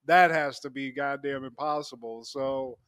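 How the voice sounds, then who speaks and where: A man's voice: mid-range voice, a little slow, a bit bright, smooth, no room sound, clean studio sound. A young man co-hosting a podcast, recapping a sitcom episode in loose, profane storytelling with frequent laughs. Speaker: podcast co-host.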